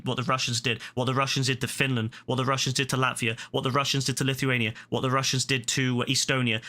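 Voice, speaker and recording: A British man on a gaming livestream, ranting heatedly at someone in his chat. He swears a lot and keeps repeating himself, and his voice is bright and forceful. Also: medium pitch. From Britain. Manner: heated, profane and repetitive. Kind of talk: angry rant at a chat viewer.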